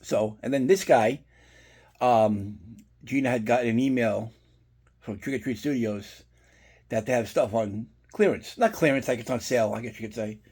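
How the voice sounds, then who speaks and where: A middle-aged man talking loosely to his viewers, swearing freely and wandering off into side stories. His voice is dark and mellow with a husky edge. He sounds relaxed and conversational, like a regular vlogger showing off his collection. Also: mid-range voice, moderate pace. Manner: rambling, profane storytelling. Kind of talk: casual unboxing chat.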